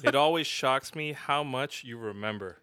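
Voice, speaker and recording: A man joining a casual chat, speaking in quick self-deprecating bursts. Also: medium pitch, pushed and bright, clear, resonant tone, dry recording.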